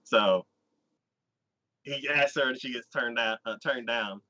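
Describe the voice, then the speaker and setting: A man's voice: medium pitch, unhurried, bright, forceful tone, muffled recording. A man hosting a casual chat, retelling a story in a rambling way with lots of fillers and little acted-out quotes. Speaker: podcast host. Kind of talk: casual anime recap chat.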